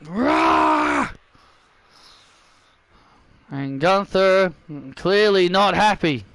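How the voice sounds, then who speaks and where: A man giving excitable play-by-play commentary on a wrestling video game, often repeating himself. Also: sits high, unhurried, no room sound.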